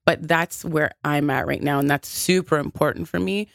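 A woman's voice: low-pitched, steady tone, normal speed, vocal fry, no echo, clean studio sound. A woman in her thirties chatting candidly and bluntly on a podcast, laughing often. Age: 30s. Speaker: podcast co-host. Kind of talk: casual chat.

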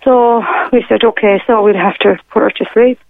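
A woman's voice: mid-range voice, fairly even intonation, moderate pace, vocal fry. A middle-aged woman, calling in to a radio show and telling a personal story in a hesitant, rambling way full of fillers. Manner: rambling, hesitant, many fillers and retold quotes. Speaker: caller. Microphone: telephone. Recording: tinny phone line.

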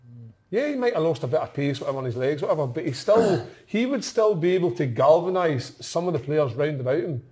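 A husky Scottish man with a slightly higher-than-usual voice talks football in a casual chat. He stumbles and repeats words as he works out what he wants to say. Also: big pitch swings, fast talker, mellow. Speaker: podcast pundit.

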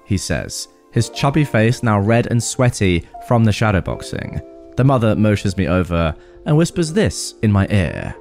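A man hosting a storytime podcast, reading a story aloud in an expressive, animated way. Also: fairly low pitch, normal speed, soft background music.

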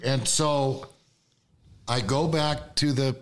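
Animated man telling a story. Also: mid-range voice, takes it slowly. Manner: acts out quoted voices, laughs often. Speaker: guest.

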